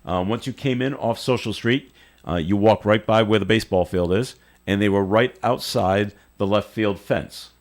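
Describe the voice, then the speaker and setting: A man with a fairly low voice hosts a radio show, spinning a loose, animated anecdote in a relaxed on-air chat. He trips over his own sentences and restarts them as he goes, unscripted throughout. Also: normal speed. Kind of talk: casual on-air storytelling. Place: radio studio.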